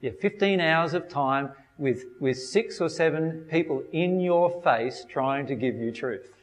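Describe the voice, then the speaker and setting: A man's voice: on the high side, measured pace. A man giving an informal spiritual talk to a group, speaking conversationally and often checking in with his listeners. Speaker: spiritual teacher. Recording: dull sound with long hall echo.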